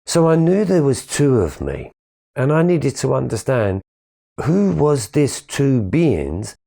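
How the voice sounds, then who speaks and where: A man with a mid-range, gravelly, mellow voice and big pitch swings speaks at a slow pace as a spiritual speaker. His reflective personal monologue is a candid, earnest account of his own life, peppered with casual swearing.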